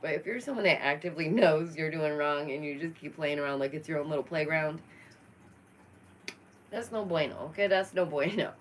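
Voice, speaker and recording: Woman, low voice, casual stream commentary, sassy, expressive, faint background noise. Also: brisk, low-quality recording. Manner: expressive, sassy, laughs often. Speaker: YouTube commentary host.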